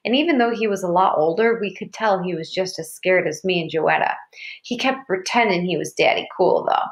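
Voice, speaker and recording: A woman reading a novel aloud in a steady storytelling manner. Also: lowish voice. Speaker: reader.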